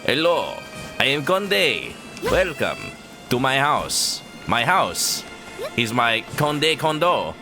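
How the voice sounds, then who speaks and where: A man voicing Conde, a cheerful male game character, in a mock Russian accent and a slow, grand welcoming tone. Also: medium pitch, big pitch swings, pitched above the performer's own voice. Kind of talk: game streaming. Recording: game music behind.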